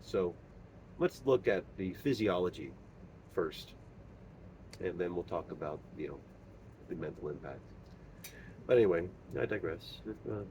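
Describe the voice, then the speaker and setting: Halting, earnest middle-aged man. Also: low-pitched, darkish tone, slight background noise. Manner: halting, earnest, many pauses and fillers. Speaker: father sharing his story. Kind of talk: personal monologue.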